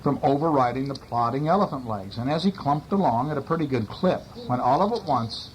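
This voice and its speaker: A man's voice: mid-range voice, animated, a little fast, a little hiss or hum, poor audio. A man reads a picture-book story aloud to a child at bedtime. He breaks off for chatty, casual remarks to the listener. His voice sits in a mid range. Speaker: parent reading to a child.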